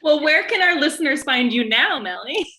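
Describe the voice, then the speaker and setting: Chatty woman author on a podcast, bright sharp voice, casual. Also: high voice, lively intonation, a little fast. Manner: chatty, lots of "like" fillers. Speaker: podcast co-host and guest author. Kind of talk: casual chat.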